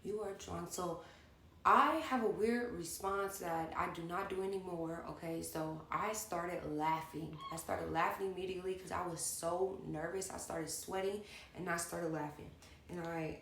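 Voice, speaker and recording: A young woman telling a personal story to her viewers in a chatty, animated way, turning to the audience again and again, recorded at home. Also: lowish voice, moderate pace, echoey room, a little hiss or hum. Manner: animated and chatty, keeps addressing the audience directly. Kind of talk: storytime vlog. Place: at home indoors.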